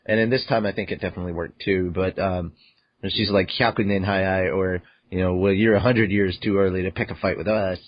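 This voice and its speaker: A man's voice: deep voice, fairly even intonation, a little fast, dry recording, muffled recording. A man hosting a podcast who recaps a manga chapter in casual chat, acting out his own reactions and swearing freely. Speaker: podcast host.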